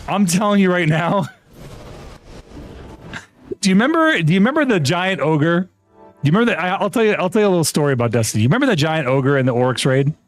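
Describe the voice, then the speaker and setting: A man talks to his livestream audience in a casual, rambling way, laughing and cursing as he tells a story. His voice sits a little higher than most men's and swoops up and down a lot. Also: slight background noise. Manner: animated, laughing storyteller who swears freely. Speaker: streamer.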